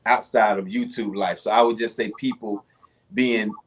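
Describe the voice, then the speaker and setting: A man appears as a guest on a casual chat. His voice is slightly low, and he speaks reflectively, often halting and restarting as he shares advice. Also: fairly even intonation, a little hiss or hum.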